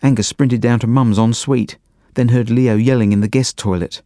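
A man narrating a children's audiobook in an expressive, playful way. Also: medium pitch, moderate pace, dry recording, studio quality. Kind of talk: storybook narration.

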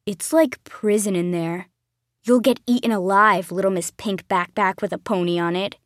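A woman's voice: mid-range voice, expressive, slow pace, no room sound, clean studio sound. A woman reading an audiobook, voicing a teasing older teenage brother who mocks his sister in a drawling, sneering way. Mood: menacing. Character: teasing older teen brother, mocking and smug.

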